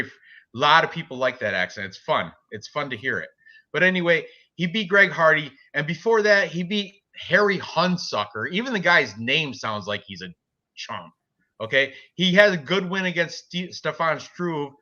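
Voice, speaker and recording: A man with a bright, forceful voice, rambling through fight picks in casual podcast chat and correcting himself as he goes. His voice comes through a slightly dull, lo-fi recording. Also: on the high side. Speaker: co-host giving fight picks.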